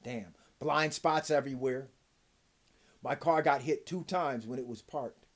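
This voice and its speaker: A man vlogging a profane, heated rant to camera, swinging between loud outbursts and low mutters, with a dry throat. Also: unhurried.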